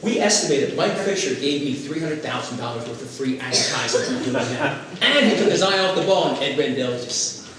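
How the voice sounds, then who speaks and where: Animated man speaking from across an echoey room. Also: medium pitch, fairly quick, a crowd in the background. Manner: animated storyteller, acts out quotes. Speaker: political candidate. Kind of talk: stump speech. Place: former classroom at a local meeting. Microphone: far camera. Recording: echoey room, far camera, noise.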